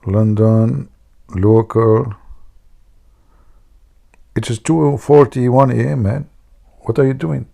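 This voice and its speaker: A native Arabic speaker from the Middle East hosts a casual livestream, telling stories in a joking, mocking way. His medium-pitched male voice is warm and steady in tone, slow, with vocal fry and long pauses.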